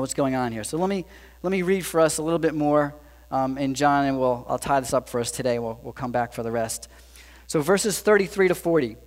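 Animated preacher man in an echoey hall. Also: medium pitch. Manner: animated, rising to emphatic peaks and dropping to hushed lines. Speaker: pastor. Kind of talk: sermon. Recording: reverberant hall with mains hum.

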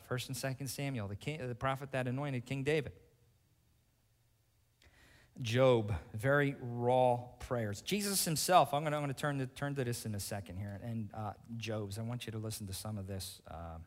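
A male pastor preaching emphatically, swinging between loud declarations and hushed asides and checking in with his congregation. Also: medium pitch, in a large hall. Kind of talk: sermon.

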